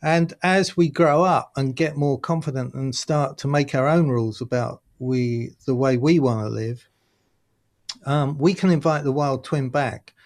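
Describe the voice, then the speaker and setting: A man, a guest in a casual interview, talking in an animated storytelling way and laughing often. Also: mid-range voice, measured pace. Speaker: guest, workshop leader.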